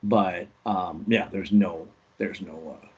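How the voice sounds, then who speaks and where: A man's voice: low voice, slow pace, slightly rough, lo-fi sound. A man co-hosting a casual chat show, telling travel stories in a laid-back way with lots of ums. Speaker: podcast co-host.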